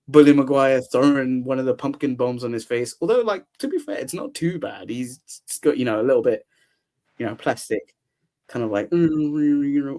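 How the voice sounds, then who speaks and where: A young man hosting a podcast, casually recapping a film with lots of laughter and acted-out quotes. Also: medium pitch. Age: young adult. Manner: animated, laughs often, acts out quotes. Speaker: podcast host. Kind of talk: casual movie recap chat.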